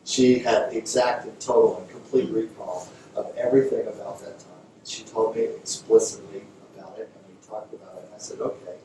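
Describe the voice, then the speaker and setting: A man's voice: on the low side, fairly even intonation, brisk, few pauses, dark tone. A man giving a conversational lecture as a yoga teacher, telling a story and acting out both sides of the dialogue in a raised voice. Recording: distant mic in an echoey room with faint noise.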